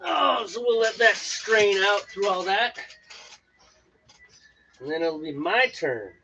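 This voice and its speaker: A man's voice: sits high, lively intonation, slow pace, vocal fry, music in the background, rough recording. A man co-hosting a homebrew stream, chatting casually and joking while he brews. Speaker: homebrew show co-host. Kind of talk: casual chat while brewing on a live stream.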